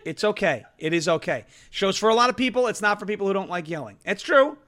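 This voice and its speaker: Loud fast-ranting male political host. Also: high-pitched, lively intonation. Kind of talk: political commentary show.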